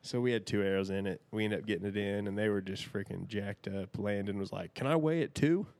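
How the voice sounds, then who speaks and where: A man's voice: lowish voice, level tone, fast talker, vocal fry, darkish tone, dry recording. A man in his thirties, a podcast guest telling a rambling, folksy story and laughing often. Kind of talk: casual storytelling.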